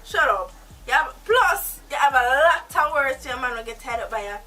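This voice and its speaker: A woman's voice: a little high, fairly even intonation, very fast, poor audio. Woman playing a volatile Jamaican captor. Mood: angry. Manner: volatile, swings from hushed threats to shouting. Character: unstable woman holding a man captive. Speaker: actor. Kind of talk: acted film drama.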